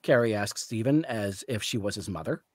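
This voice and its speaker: A man's voice: on the low side, lively intonation, normal speed, dry recording. Man narrating a novel aloud. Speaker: author reading. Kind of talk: live reading of a novel's narration.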